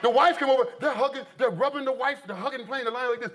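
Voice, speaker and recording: A man from the United States working a stand-up stage, his voice very high and forceful. He tells stories in an animated, exaggerated way while an audience laughs faintly behind him. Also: quick pace, hardly any pauses, a faint crowd. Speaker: stand-up comedian. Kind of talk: live stand-up comedy. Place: stage before a live audience.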